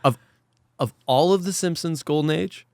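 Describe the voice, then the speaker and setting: A man hosting a casual podcast chat who talks in an animated, ranting, profane way. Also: a little high, moderate pace, gravelly, no echo, clean studio sound. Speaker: podcast host.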